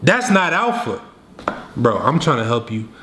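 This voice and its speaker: A man making a dating advice video, talking straight to the viewer in a slangy, scolding, animated way. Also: mid-range voice, a little slow, reverberant, slight background noise. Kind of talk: direct-to-camera coaching.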